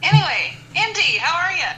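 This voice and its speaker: A woman's voice: very high voice, very animated, normal speed, sharp tone, roomy sound, a little hiss or hum, low-quality recording. A woman playing casually in a tabletop game, upbeat and laughing. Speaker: player. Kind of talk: casual tabletop role-play.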